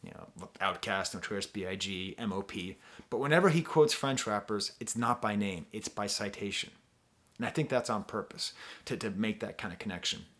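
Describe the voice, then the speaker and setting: A man's voice: on the low side, moderate pace, fairly bright tone. Enthusiastic American man reviewing an album. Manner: enthusiastic, explains lyrics with many asides. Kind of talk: casual music review talk.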